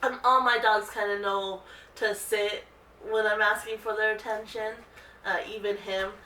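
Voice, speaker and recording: A woman dog trainer explaining training steps calmly in a casual instructional video. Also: unhurried, far from the mic, slight background noise. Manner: calm explaining, breaks into high sing-song calls to the dog. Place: indoor room. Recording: roomy echo, voice a bit off-mic.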